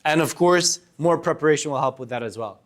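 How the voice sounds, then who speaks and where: Young guy w a highish voice teaching a speaking workshop to a room, animated, plays with loud and soft. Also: fairly quick. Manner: animated, varies loudness and pace for demonstration. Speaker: workshop instructor. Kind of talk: public speaking lesson to a student group. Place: room with a live audience.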